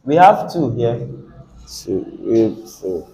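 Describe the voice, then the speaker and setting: A man's voice: medium pitch, sing-song, extremely slow, vocal fry, dark tone, low-quality recording. A man with a Nigerian English accent teaching a classroom lesson on word stress, coaxing the class, repeating words and asking questions.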